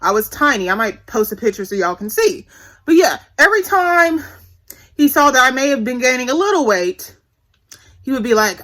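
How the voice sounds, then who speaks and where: A woman's voice: high voice, animated, a little fast, bright, forceful tone. A woman in her twenties telling a candid, profane story to her viewers in a blunt, chatty vlog. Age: 20s. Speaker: vlogger.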